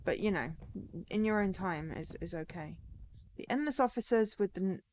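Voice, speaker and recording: A woman's voice: medium pitch, animated, moderate pace, darkish tone, slight background noise. A tired woman streaming a game, chatting wryly and reading signs aloud. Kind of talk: casual gaming stream commentary.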